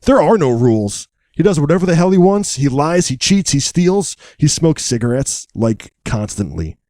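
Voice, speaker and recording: A man co-hosting a podcast, recapping a film in a casual, wry, joking way with deadpan asides. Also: on the high side, moderate pace, no room sound, studio quality.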